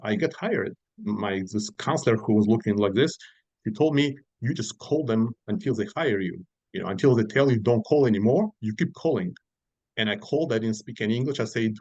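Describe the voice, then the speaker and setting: Russian-accented man telling animated stories. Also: mid-range voice, no room sound, dull audio. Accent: Russian-speaking, from Uzbekistan. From Uzbekistan. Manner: animated storyteller acting out quoted voices, many fillers. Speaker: guest. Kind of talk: casual storytelling interview.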